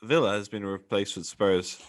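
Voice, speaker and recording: A man's voice: lowish voice, normal speed. A man hosting a casual football podcast, chatty and laughing often. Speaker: podcast host. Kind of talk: casual chat.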